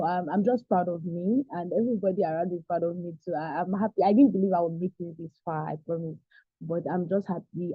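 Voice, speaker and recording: A young woman, a recent graduate, giving a halting, emotional testimonial on a video call, close to tears. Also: medium pitch, no echo. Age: young adult. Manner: earnest, halting, near tears. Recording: tinny phone-like call audio.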